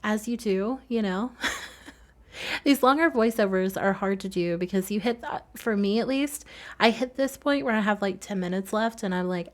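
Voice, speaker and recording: Soft, nasal Southern woman, chatty voice-over. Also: medium pitch. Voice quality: slightly nasal. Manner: soft-spoken and quick, giggles often. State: recovering from a cold. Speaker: Sims builder narrating a speedbuild. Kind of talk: casual voice-over.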